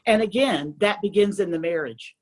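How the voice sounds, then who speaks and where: A woman's voice: mid-range voice, moderate pace, poor audio. A woman speaking as a guest on a faith-based parenting show, earnest and quoting scripture.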